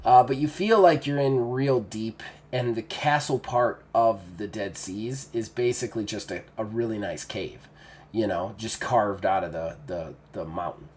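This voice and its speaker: A man running a tabletop game as game master, narrating scenes in a loose, animated way. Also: fairly low pitch, measured pace, slight background noise.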